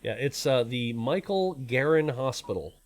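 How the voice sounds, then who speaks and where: A man's voice: medium pitch, expressive, a little slow. A man in his forties, born in Canada and raised in the US, hosting a live stream in a rambling, self-deprecating, casual way. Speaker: stream host.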